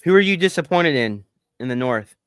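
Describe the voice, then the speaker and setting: A man in his thirties with a fairly high voice, co-hosting a sports podcast. He tells his stories in a lively, animated way and swears casually. The recording is dry and close to the mic. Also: brisk, clean tone, no echo. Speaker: podcast co-host.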